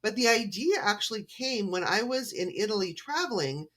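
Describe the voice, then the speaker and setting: A woman's voice: mid-range voice, sing-song, normal speed, a bit bright. A woman from Canada, an author guest on a podcast, telling stories in a friendly, chatty way. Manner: friendly, storytelling. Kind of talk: casual interview chat.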